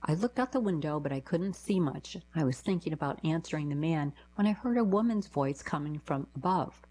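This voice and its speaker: A woman reading short newspaper diary columns aloud for a radio reading service, in a plain, even manner. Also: low voice, brisk, slight background noise, rough recording.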